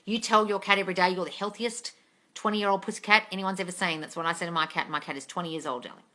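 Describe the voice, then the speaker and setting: Pushed and bright, her lowish voice carries a casual live Q&A about manifesting, captured on a phone or webcam stream. The coach answers chat questions bluntly, swears freely, and calls people darling.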